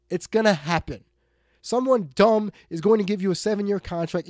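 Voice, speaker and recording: A man hosting a sports talk radio show, ranting bluntly, swinging between loud outbursts and quiet muttered asides. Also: high-pitched, dry recording, clean studio sound.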